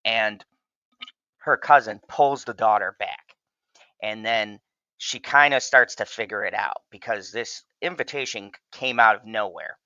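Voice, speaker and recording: Man, low voice, forceful tone, casual profane recap, dull lo-fi sound. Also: unhurried, no room sound. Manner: loose, profane recapping with quoted lines. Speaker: show reviewer. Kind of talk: casual spoiler review recap.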